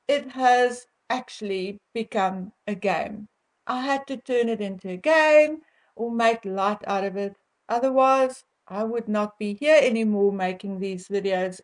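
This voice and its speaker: A woman with a South African accent, talking straight to her viewers in a measured, indignant and wry monologue. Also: medium pitch. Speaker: royal-commentary vlogger.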